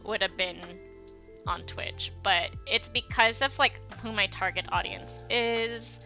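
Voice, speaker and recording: This young woman's voice is mid-range, bright and forceful, and she talks slowly. She draws on an art livestream, chatting casually, thanking viewers by name and using plenty of fillers, with slightly dull lo-fi audio and faint music.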